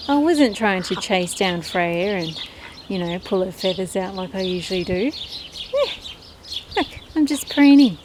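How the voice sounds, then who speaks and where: A woman's voice: medium pitch, lively intonation, unhurried, noisy background, natural voice. A woman voicing a cheeky male duck who feigns innocence in a sing-song, mock-innocent voice.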